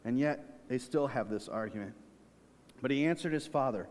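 A man preaching a sermon, swinging between loud, high emphasis and quiet, low asides. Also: moderate pace, in a large hall. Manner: preaching with big swings in volume and pitch. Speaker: pastor.

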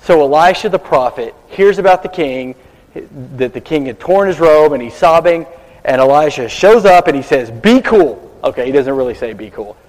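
A man's voice: a little high, normal speed, darkish tone. A male pastor giving a sermon at a baptism service, telling stories dramatically and dropping to whispers for asides. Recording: long hall reverb.

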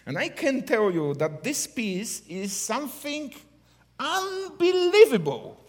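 Man preaching, slow and up and down a lot, long echo like a big hall. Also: high voice, sing-song. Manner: heartfelt, broken English, swings from hushed to loud. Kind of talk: sermon.

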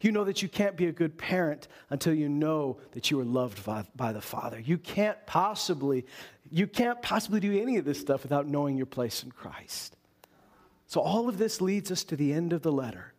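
A man's voice: fairly high pitch, very animated, normal speed. A man preaching a sermon as a pastor, earnest and full of rhetorical questions.

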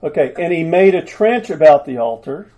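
Jovial preacher man with a mellow voice. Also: fairly high pitch, expressive, normal speed, rough recording. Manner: jovial, directing volunteers with asides. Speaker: preacher directing a scripture skit. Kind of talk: sermon reading scripture aloud.

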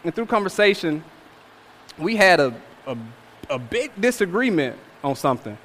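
A man's voice: high-pitched, very animated, moderate pace, a bit bright, a little hiss or hum. Emphatic young man preaching in a hall. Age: 20s. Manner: emphatic, repeats phrases with rhetorical "all right?". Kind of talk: sermon. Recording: long hall reverb.

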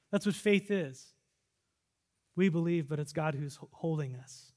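A pastor preaching a sermon, swinging between loud fervent exhortation and quiet reflective asides. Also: male voice, a little high, a little slow. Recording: long reverb of a large hall.

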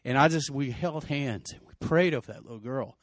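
A middle-aged man from West Texas earnestly retells an emotional personal story, restarting often. His medium-pitched voice moves fairly quickly, captured in clean studio sound with no echo.

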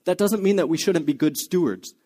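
Earnest male preacher, slightly high voice. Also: a little fast, mellow. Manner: earnest, many rhetorical questions. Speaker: pastor. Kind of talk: sermon.

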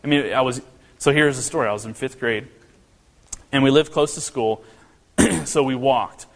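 A gravelly, mid-range voice belongs to a northern Kentucky pastor preaching at a moderate pace. He talks to the congregation conversationally, with plenty of rhetorical questions and restarts, in a recording with long hall reverb.

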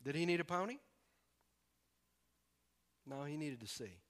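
Animated preacher man. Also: on the high side, unhurried. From American South. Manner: animated, acts out voices with humor. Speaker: pastor. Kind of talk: sermon.

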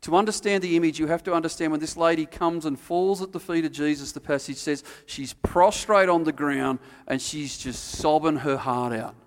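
A man preaching a sermon, telling a story and acting out the quotes, then dropping to quiet, earnest emphasis. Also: a little high, steady tone, normal speed, few pauses, long reverb tail. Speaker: pastor.

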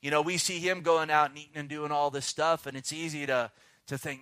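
A man preaching a fervent sermon outdoors, slowing down to read scripture and swinging between loud and hushed. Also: on the high side, level tone, clean tone, no room sound, studio quality. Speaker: pastor.

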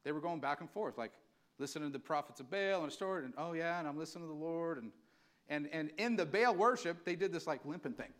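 A man's voice: on the high side, expressive, fast talker, fairly bright tone. A male pastor preaching an impassioned, conversational sermon, acting out quotes as he goes. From California.

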